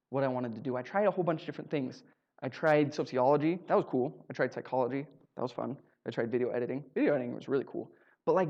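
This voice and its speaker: A man with a somewhat high voice tells a personal story before a live audience. He is wry and self-mocking, and he slips into quick acted-out exchanges as he goes. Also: a little mellow, lo-fi sound. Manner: humorous, self-mocking delivery that acts out dialogue.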